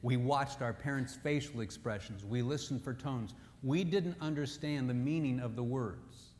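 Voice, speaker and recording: A man's voice: mid-range voice, moderate pace, darkish tone. Jokey male speaker in an echoey hall. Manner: jokey storyteller who acts out quotes. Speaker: marriage seminar speaker. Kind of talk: humorous seminar talk with scripture.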